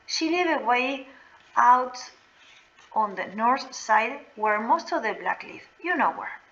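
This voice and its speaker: A woman reading a novel aloud in a slow, deliberate way. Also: a little high, lively intonation, fairly bright tone, lo-fi sound. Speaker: reader.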